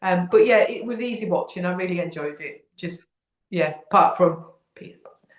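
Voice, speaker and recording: A woman's voice: on the low side, a little fast. A woman co-hosting a podcast, chatting casually and checking in often with "do you know what I mean". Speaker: podcast co-host. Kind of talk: casual chat. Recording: roomy echo.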